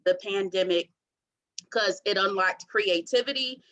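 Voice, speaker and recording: Expressive woman sharing her testimony. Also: mid-range voice, a little slow, low-quality recording. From Detroit, USA. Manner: expressive, testimony-style storytelling. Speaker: podcast guest. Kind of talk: faith-centered interview talk.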